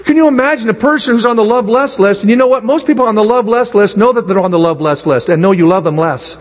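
Pastor, male, high husky voice, animated sermon, big hall echo. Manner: animated, drawn-out emphatic preaching with acted asides. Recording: long hall reverb.

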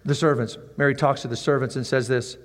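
A man's voice: medium pitch, steady tone, quick pace, long reverb tail. A man preaching a sermon in a conversational way who acts out the scenes. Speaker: pastor.

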